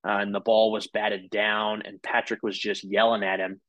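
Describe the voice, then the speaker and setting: A man's voice: fairly low pitch, little pitch movement, normal speed, fairly bright tone, dry recording, muffled recording. A man co-hosting a casual sports podcast, talking in a loose, rambling way full of "like" and "uh" and swearing freely. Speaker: podcast co-host.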